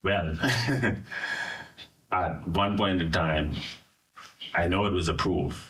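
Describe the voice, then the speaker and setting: A middle-aged Bahamian man recounting a personal ordeal in an interview, halting and full of "you know". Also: low-pitched, steady tone, a bit bright, breathy edge. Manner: halting, searching for words, frequent "you know". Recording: voice from a distance.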